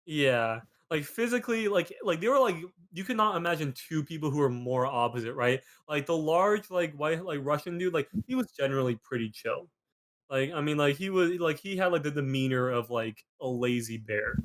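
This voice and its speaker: A young man hosting a podcast, telling a story in a rambling casual way, filling every pause with "like". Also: a little high. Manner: rambling, peppered with "like", animated retelling. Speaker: podcast host.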